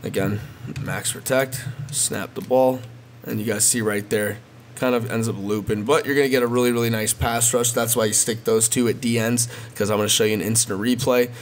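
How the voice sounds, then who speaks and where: With a steady, medium-pitched voice and a brisk delivery, a gaming video creator walks viewers through a video game strategy in a casual tutorial. He repeats himself a lot and keeps calling them guys, over a slight hiss or hum.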